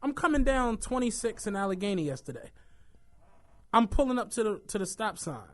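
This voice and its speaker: A young man talks on a podcast, his voice pitched high for a man and swinging widely as he tells stories. He acts out the lines of people in his stories and swears freely. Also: a little fast. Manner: animated storytelling, acts out quotes, swears freely. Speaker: podcast co-host. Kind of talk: casual chat.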